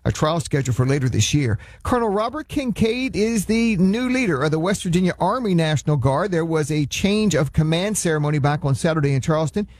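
Guy reading radio news, kinda husky, dry close mic. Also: on the high side, animated, a little mellow, no room sound. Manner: brisk, announcerly.

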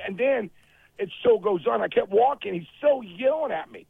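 Gravelly man telling stories over the phone. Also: high-pitched, moderate pace, no echo. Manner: animated storyteller, acts out quotes. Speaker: guest, former football player. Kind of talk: casual phone interview storytelling. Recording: tinny phone line.

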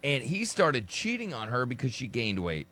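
A man's voice: mid-range voice, wildly swooping pitch, moderate pace, fairly bright tone. A man hosting a talk radio show, blunt and teasing with a caller. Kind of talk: casual talk radio banter.

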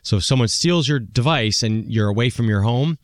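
A man with an American accent hosting a call-in tech radio show, telling stories in a chatty, animated way. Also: mid-range voice, brisk, dry recording, clean studio sound. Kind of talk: casual call-in radio talk.

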